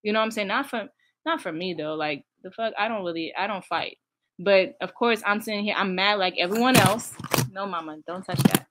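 A woman's voice: mid-range voice, a little fast. A woman speaks candidly as she comments on a clip, explaining her own thoughts along the way. Her voice sits in an ordinary middle range. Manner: candid, laughs while recounting. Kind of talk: casual reaction commentary.

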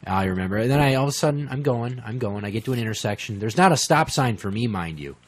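A man co-hosting a podcast, telling a crude, profane story in a lively way and putting on the voices of the people in it. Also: fairly low pitch, racing, no echo. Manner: profane, animated storyteller who acts out quoted voices. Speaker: podcast co-host.

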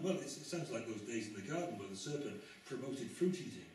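A man's voice: medium pitch, animated, fast talker, darkish tone. A man preaching a conversational sermon, with wry asides and sudden emphatic rises, in a church. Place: church sanctuary. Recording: very echoey church, mic far off.

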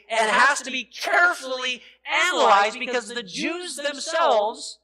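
A man pastor giving a sermon, teaching at length and then rising to near-shouts to stress his points. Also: very high voice, animated, a little slow, hardly any pauses. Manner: explanatory teaching with repeated phrases and fillers. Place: church sanctuary. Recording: noisy sanctuary recording with crowd sound, poor audio.

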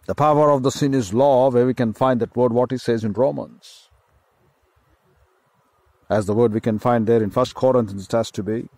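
A man with an Indian English accent preaching a sermon as a pastor, in a slow, emphatic style with repeated phrases. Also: mid-range voice, steady tone, darkish tone, no room sound.

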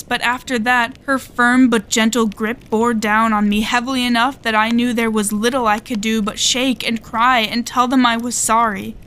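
A woman's voice: a little high, a bit bright. A woman with a Southern US accent narrating a first-person horror story in a tense, dramatic way.

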